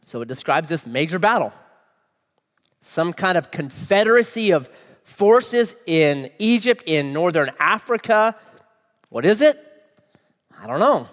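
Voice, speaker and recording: A man's voice: fairly high pitch, sing-song, a little slow, pauses often, fairly bright tone, big-room sound. A man preaching a sermon in a conversational way, often asking his listeners questions. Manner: conversational, asks the audience questions. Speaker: pastor.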